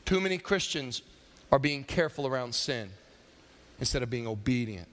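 A man's voice: medium pitch, fairly quick, long reverb tail. A man preaching a sermon, acting out characters' voices as he tells stories. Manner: animated storytelling, acting out voices. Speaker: pastor.

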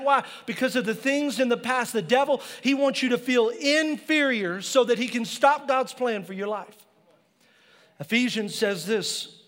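A man's voice: very high voice, a little slow, fairly bright tone, big-room sound. A male pastor preaching a passionate sermon in a church, mixing personal stories with scripture.

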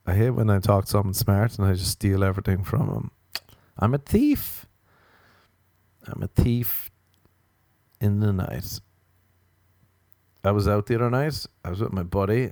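Irish man, comic monologue, low gravelly voice, self-mocking asides, dry close sound. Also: fairly quick, darkish tone, no room sound. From Ireland. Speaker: comedian.

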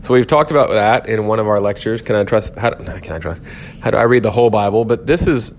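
A man with a lowish voice gives a relaxed Bible lecture to his church. He talks in a loose, conversational way, often restarting his sentences and checking in with "okay?". A faint hiss of noise sits under the recording. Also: fast, hardly any pauses. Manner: conversational, self-correcting, frequent "um" and "okay?". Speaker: church teacher.

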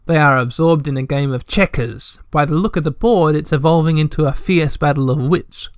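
A man's voice: fairly high pitch, normal speed, clean tone, no echo, clean studio sound. A young man reading a text adventure aloud in a let's play, with chatty, joking asides.

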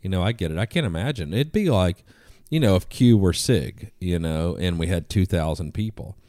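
A man telling stories as a guest in a casual podcast conversation, profane and animated. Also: low-pitched, moderate pace, dry recording, clean studio sound.

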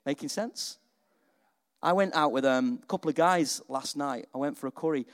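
A man preaching a sermon in a lively, conversational way, often asking his listeners questions. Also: on the high side, normal speed. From England.

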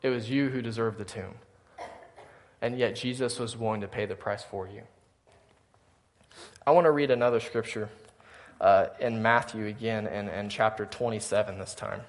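A man's voice: fairly low pitch, steady tone, moderate pace, pauses often, slight background noise. A male pastor preaching a sermon in a church, earnestly speaking to his congregation and reading scripture aloud. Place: church sanctuary.

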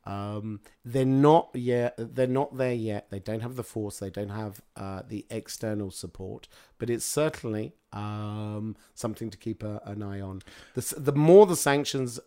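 Chatty male guest telling lively stories. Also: on the low side, a little slow, hardly any pauses. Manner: lively anecdotal storytelling with frequent fillers. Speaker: guest speaker. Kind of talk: casual interview chat.

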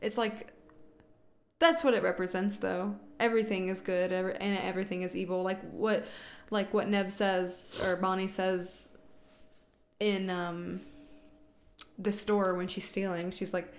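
A woman's voice: medium pitch, flat delivery, a little slow, pauses often. Chatty young woman swearing casually. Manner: chatty, swears freely, acts out quotes. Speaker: podcast co-host. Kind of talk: casual movie chat.

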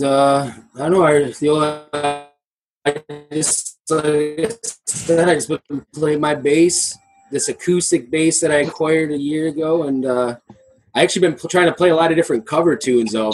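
A man's voice: on the high side, steady tone, normal speed, soft background music, rough recording. A man in a band, talking loosely and swearing as he laughs through a video call interview. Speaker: band member, bass player. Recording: video call audio, choppy at times.

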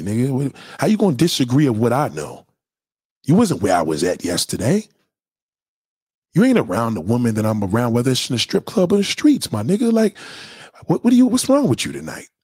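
Husky-voiced man ranting on a livestream. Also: medium pitch, a little mellow, no room sound, studio quality. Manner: heated, repetitive, profane, street slang. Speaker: livestream host answering chat. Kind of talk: casual livestream rant.

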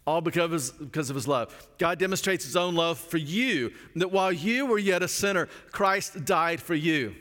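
A man's voice: fairly high pitch, fairly bright tone. Middle-aged man preaching in a reverberant hall. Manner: earnest, repeats phrases for emphasis, slows on key lines. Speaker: pastor. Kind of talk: sermon.

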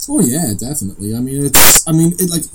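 A man's voice: a little high, expressive, quick pace, heavy background noise. A man co-hosting a casual film podcast, chatty, laughing easily and trailing off mid-thought. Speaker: podcast co-host.

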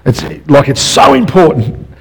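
A man's voice: medium pitch, a little slow, vocal fry, husky, rough recording. Casual man preaching a sermon. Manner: casual, joking storyteller with many "you know" fillers. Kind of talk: conversational sermon.

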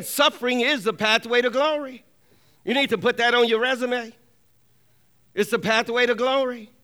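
Man, preacher, sermon, high-pitched, clear and smooth voice, call-and-response, repeats lines for emphasis. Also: fairly bright tone.

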